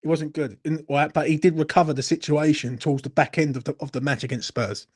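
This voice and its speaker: A man's voice: on the high side, steady tone, fast talker, darkish tone, slightly rough. A young man hosting a late-night football Q&A, blunt and sweary, a little tipsy as he answers chat comments. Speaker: football channel host.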